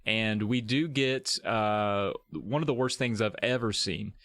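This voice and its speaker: A man's voice: on the low side, measured pace, very noisy. A man co-hosting a podcast, chatting casually with playful, drawling asides. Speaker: podcast co-host.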